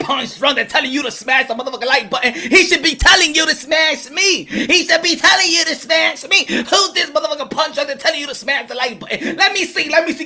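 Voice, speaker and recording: A man's voice: very high voice, sharp tone, slightly rough, exaggerated voice. A man putting on the voice of a brash, flirty, foul-mouthed woman fan who teases and laughs as she talks. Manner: profane, teasing, laughing.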